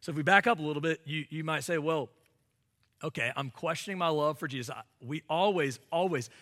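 Male pastor, high bright voice, lively conversational sermon delivery. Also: fairly quick. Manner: animated, conversational preaching with rhetorical questions.

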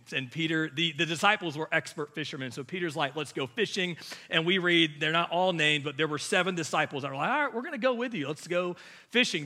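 A male pastor preaching a sermon in a conversational, animated way, full of casual fillers. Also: fairly high pitch.

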